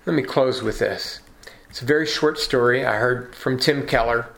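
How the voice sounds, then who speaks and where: A man's voice: medium pitch, normal speed, gravelly, fairly bright tone. A man preaching a sermon in an earnest, emphatic way, asking rhetorical questions. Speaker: pastor.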